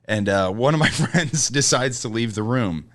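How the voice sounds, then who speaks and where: A man's voice: mid-range voice, animated, moderate pace, fairly bright tone, dry recording, studio quality. A man, a comedian and podcast guest, telling stories in casual chat and often laughing mid-sentence.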